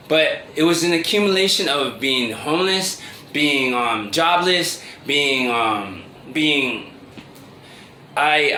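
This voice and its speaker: A man telling a personal story in a casual, halting way, full of restarts and fillers and often breaking into laughter. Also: mid-range voice, pushed and bright. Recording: echoey room with faint ambient noise.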